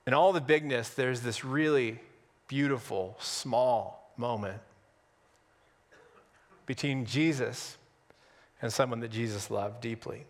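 A male pastor preaching an Easter sermon in a conversational, humorous way, with dramatic pauses. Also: mid-range voice, long reverb tail. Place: church sanctuary on Easter Sunday.

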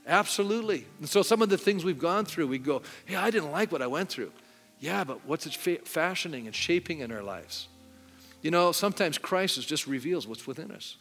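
A middle-aged pastor preaches in a casual, conversational way, pitched a bit high for a man, and keeps turning to the congregation with questions. His voice carries a long hall reverb, and soft instrumental music plays faintly underneath. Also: expressive, a little fast. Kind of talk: sermon with altar call. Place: church sanctuary.

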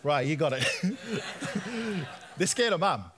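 A man's voice: high voice, slow pace, a little hiss or hum. A young man preaching, telling his own story and acting out the voices in it. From Australia. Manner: animated storyteller, acts out quoted voices. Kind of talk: sermon testimony.

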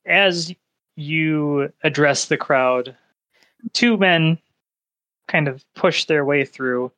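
A man narrates a tabletop game, setting scenes at a slow, deliberate pace. His voice sits somewhat high for a man, and his tone stays casual. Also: bright, forceful tone. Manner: descriptive, unhurried, casual. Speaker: game master.

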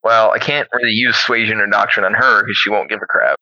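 A young man playing a tabletop game, chatting casually and thinking out loud with hesitant restarts. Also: fairly low pitch, brisk, no echo. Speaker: player. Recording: dull, dry lo-fi sound.

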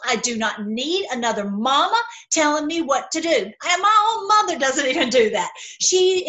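Brief: middle-aged woman, high voice, impassioned solo commentary, stumbling restarts. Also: a bit bright, poor audio. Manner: impassioned, heated, repetitive restarts. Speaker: video commentator. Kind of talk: casual opinion monologue.

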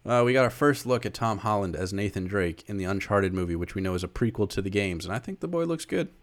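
A man's voice: on the low side, animated, fast talker. A man co-hosting a casual podcast chat, swearing freely and ranting about films. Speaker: podcast co-host.

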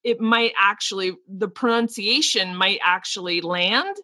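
A woman's voice: medium pitch, a little slow, sharp tone, dry recording. A woman co-hosting a podcast and speaking frankly and at length as a teacher, often restarting her sentences. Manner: frank and talkative, with many restarts. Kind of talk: casual podcast discussion.

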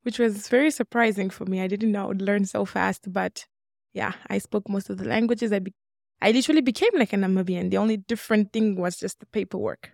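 A woman's voice: mid-range voice, steady tone, fairly quick, gravelly, darkish tone, dry recording, clean studio sound. A woman in her twenties from Congo, a guest telling her life story in an interview and acting out remembered dialogue. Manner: earnest, acts out remembered dialogue. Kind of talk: personal storytelling in a podcast interview.

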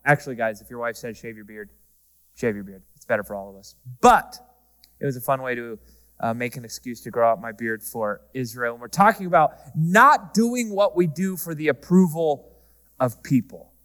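A man preaching a sermon, talking to the congregation in a conversational, humorous way and shifting often between loud and soft. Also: mid-range voice, expressive, moderate pace. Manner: conversational preaching with humor, varying pace and volume. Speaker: pastor. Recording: reverberant hall.

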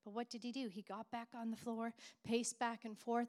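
A middle-aged woman pastor delivers a sermon with fervent, repeated declarations. Her voice sits fairly high. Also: flat delivery, fairly quick, few pauses.

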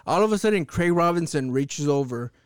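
High-voiced man telling a wild story. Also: brisk, clean tone, no echo, studio quality. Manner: animated, profane, lots of fillers. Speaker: podcast host. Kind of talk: casual storytelling chat.

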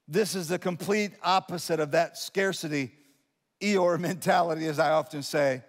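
Male pastor, sermon, fairly high voice, animated with loud peaks and soft asides, long church reverb. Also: measured pace, pauses often. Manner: animated preaching, swinging from loud emphatic lines to quiet asides; humorous asides to the congregation. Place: church sanctuary.

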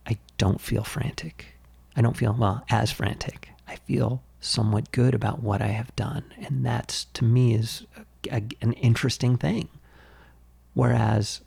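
A man co-hosting a podcast, musing in a measured, reflective way in casual conversation and often stammering over his restarts. His voice is very raspy and carries a gravelly grain. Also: medium pitch, steady tone, a little mellow. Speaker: podcast co-host.

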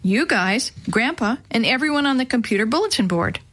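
A woman's voice: fairly high pitch, animated, fairly quick, fairly bright tone. A woman voicing a curious, determined young boy in a children's audiobook, speaking eagerly.

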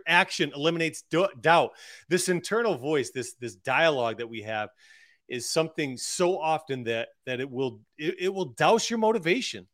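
Man, podcast co-host, fairly high voice, dry close sound, repeats lines for emphasis. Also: dry recording. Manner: energetic, preachy, repeats phrases for emphasis. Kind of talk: motivational podcast talk.

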